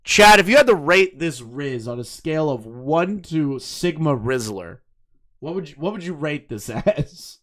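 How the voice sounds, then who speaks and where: A man's voice: a little high, lively intonation, measured pace, a bit bright. Incredulous swearing man in his late twenties. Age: late 20s. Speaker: commentary host. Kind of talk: casual commentary reading messages aloud.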